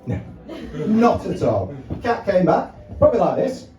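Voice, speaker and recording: Male stand-up comic, lively up-and-down delivery, high voice, filmed from the back of a pub room with crowd laughter. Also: a little slow, echoey room, far from the mic, low-quality recording. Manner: chatty, swearing, acts out phone calls. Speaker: stand-up comedian. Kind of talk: stand-up comedy set. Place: small pub comedy room. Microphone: handheld mic, filmed from far by tripod camera.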